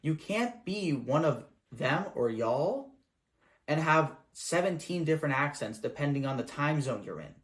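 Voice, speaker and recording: A man hosting a satirical comedy show, speaking in a fairly high voice. He delivers his monologue with sarcastic, mock-earnest praise. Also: sing-song, a little slow.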